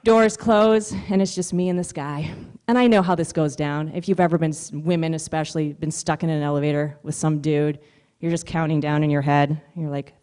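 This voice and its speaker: A woman stand-up comedian telling stories on stage in a chatty, animated way. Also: deep voice, fairly quick, clear, resonant tone. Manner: conversational, animated storytelling. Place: stage at a live comedy showcase.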